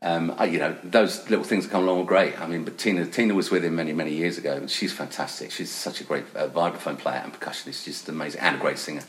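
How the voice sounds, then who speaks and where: A man's voice: a bass voice, steady tone, quick pace, few pauses. A middle-aged man, a session percussionist, telling rambling anecdotes with many restarts. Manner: rambling with frequent restarts and laughter. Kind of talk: casual anecdotal storytelling.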